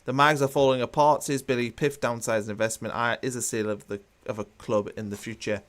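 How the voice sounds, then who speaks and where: A man's voice: medium pitch, level tone, brisk, a bit bright. A man hosting a football watchalong, chatting casually with many fillers and restarts while he reads out live comments.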